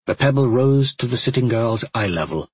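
A man calmly narrating a fantasy story in a steady, even storytelling manner. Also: medium pitch, normal speed, slightly rough, no room sound. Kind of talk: audiobook narration.

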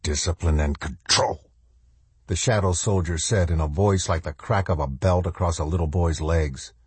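A man's voice: moderate pace, a little mellow, husky, no room sound. A man doing a cold, stern phantom soldier. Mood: menacing. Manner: low, clipped and commanding.

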